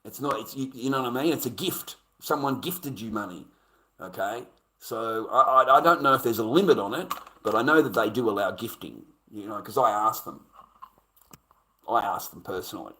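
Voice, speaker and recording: A man's voice: medium pitch, normal speed, sharp tone. Profane, ranting Australian man. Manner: profane, indignant, repeats himself. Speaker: streamer. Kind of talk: casual rant to camera.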